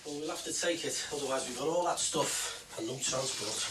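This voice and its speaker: A man playing a quick-talking bickering flatmate. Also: mid-range voice, close to an everyday voice. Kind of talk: TV soap acting. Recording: old TV recording with hiss.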